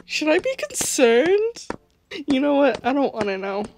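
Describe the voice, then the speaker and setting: Giggly high-voiced woman narrating gameplay. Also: sing-song, unhurried, a little mellow. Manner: giggly, chatty, talks to game characters. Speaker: gaming channel host. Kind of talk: casual gameplay commentary.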